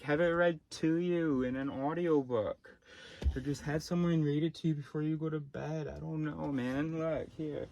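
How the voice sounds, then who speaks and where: A man talking in a rambling, casual monologue, swinging from low mumbles to sudden shouting and swearing. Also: steady tone, normal speed. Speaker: vlogger.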